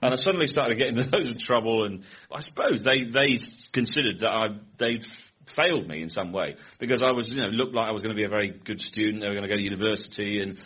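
Chatty, bright-voiced man telling rambling stories. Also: fairly low pitch, fast, hardly any pauses, breathy edge. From England. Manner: rambling anecdotes with frequent laughs and voices. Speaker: comedian guest. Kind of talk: casual chat. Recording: muffled lo-fi recording.

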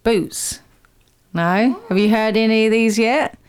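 A woman leads a chatty, playful slang lesson for a group, laughing a lot as she teases and encourages them in an upbeat way. Her voice is fairly high, clear and resonant, and she speaks slowly.

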